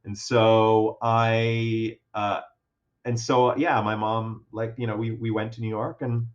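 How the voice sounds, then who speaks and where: A man's voice: fairly low pitch, little pitch movement, takes it slowly, highs cut off. A man speaking as a guest in a casual interview. He tells a story at length, with many fillers and restarts, and laughs often. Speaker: guest actor.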